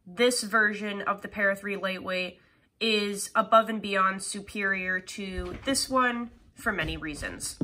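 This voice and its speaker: Bright, nasal woman reviewing gear. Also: medium pitch. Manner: chatty, upbeat, explains details. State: nasal from a cold. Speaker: knife reviewer. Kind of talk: casual product review vlog.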